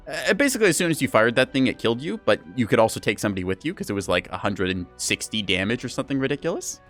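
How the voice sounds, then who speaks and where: Lively low-voiced male game streamer. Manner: rambling, playful and self-mocking, talks to chat. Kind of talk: casual live gameplay commentary.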